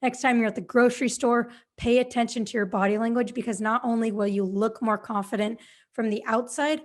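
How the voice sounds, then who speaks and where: A woman's voice: fairly high pitch, steady tone, fairly quick. A woman hosting a podcast as a confidence coach, giving direct, encouraging instructions and often checking in with the listener.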